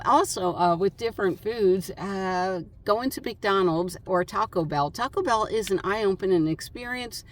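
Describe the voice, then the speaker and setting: A woman's voice: medium pitch, measured pace, few pauses. A woman vlogger chatting casually about her travels, rambling with lots of fillers. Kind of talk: casual chat.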